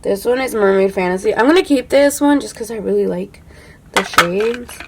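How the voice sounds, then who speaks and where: A young woman talks through her makeup collection in a relaxed, rambling way, sprinkling "like" everywhere. Her voice sits at an ordinary middle pitch for a woman. She often drops quiet and breathy when she admires a product. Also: moderate pace, very noisy. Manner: chatty, full of "like", drops to a soft hush when admiring products. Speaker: beauty vlogger. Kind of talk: casual makeup declutter chat.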